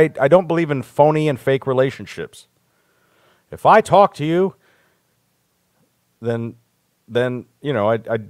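A man's voice: medium pitch, no echo, studio quality. A man hosting a live talk show, ranting in a blunt, profane, rambling way. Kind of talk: casual live-stream rant.

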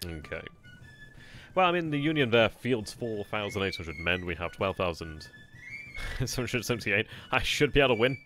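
A man casually commentating as he plays a strategy game, chatty and excitable, often laughing at himself. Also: lowish voice, moderate pace, faint music behind. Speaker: gameplay commentator. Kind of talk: casual let's-play commentary.

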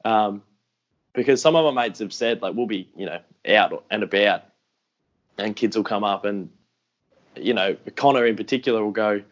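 A man's voice: lowish voice, moderate pace, pauses often, muffled recording. A young Australian man telling stories in a casual podcast interview, rambling and self-deprecating, acting out what people said. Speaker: podcast guest, AFL YouTuber.

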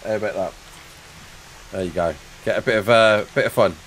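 A man's voice: lowish voice, a little fast, fairly bright tone, a little hiss or hum, poor audio. A man streaming a survival game live, chatting casually, laughing often and joking with chat as he builds.

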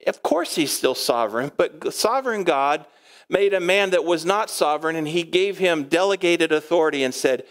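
A man with a fairly high voice preaches a sermon from a church stage. He swings from quick, animated stretches into slow, emphatic lines, acting out the voices of the people in his stories and breaking into a chuckle now and then. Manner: lively preaching, acts out quoted speech, chuckles often. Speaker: pastor. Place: church sanctuary.

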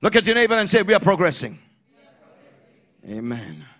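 High-voiced man preaching an emphatic sermon. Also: very animated, moderate pace. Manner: emphatic preaching, rising to shouts, call-and-response. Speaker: pastor. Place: church.

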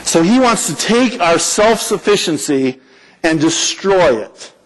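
High-voiced animated male preacher. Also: measured pace, a little hiss or hum, poor audio. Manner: animated, acts out prayers and dialogue in quoted voices. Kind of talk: sermon. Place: church.

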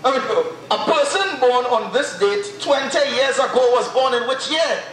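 A man's voice: very high voice, animated, moderate pace, a bit bright. A man with a Trinidadian accent runs a teasing street quiz outdoors at a beach. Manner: teasing, laughs at his own trick questions. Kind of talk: playful street interview. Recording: echoey, faintly noisy street clip.

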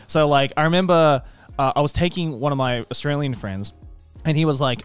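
A man's voice: fairly high pitch, a little fast, clean tone, dry recording, soft background music. A young man co-hosting a podcast, telling playful stories in casual chat with swearing. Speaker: podcast co-host.

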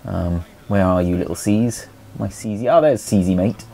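A young man talks over a video game in a low, mellow voice, teasing the friend beside him in a playful, bossy way. He speaks casually and loosely. Faint room noise hangs under the voice. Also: a little slow, gravelly. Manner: joking, bossy banter with a friend. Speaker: let's play commentator. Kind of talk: casual gameplay commentary.

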